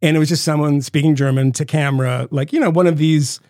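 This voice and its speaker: A man co-hosting a podcast, telling stories in a rambling, profane, animated way. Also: on the high side, quick pace, dry recording, studio quality. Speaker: podcast co-host. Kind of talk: casual chat.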